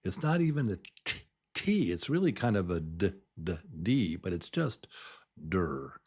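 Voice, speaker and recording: An older man teaching English pronunciation to beginners, repeating each word many times and stretching his pitch up and down to show the stressed syllable. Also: very animated, moderate pace, darkish tone. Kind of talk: slow, deliberate pronunciation lesson.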